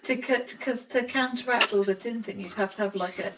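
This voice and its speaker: A woman's voice: mid-range voice, fairly even intonation, brisk, background noise. Woman, casual chat, slightly distant from the mic, dry humor. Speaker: podcast co-host. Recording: voice a little off-mic.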